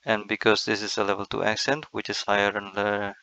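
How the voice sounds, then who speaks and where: Man, lecture voice, gravelly, bright tone, dry close mic, step-by-step explaining. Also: lowish voice, monotone, brisk, dry recording, low-quality recording. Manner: explains step by step with frequent fillers and restarts. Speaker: teacher. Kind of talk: screen-recorded lecture.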